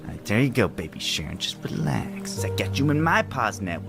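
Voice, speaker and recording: A man's voice: on the low side, big pitch swings, moderate pace, gravelly. A man voicing a bossy male house cat who lectures and soothes a kitten. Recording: clip with loud music behind.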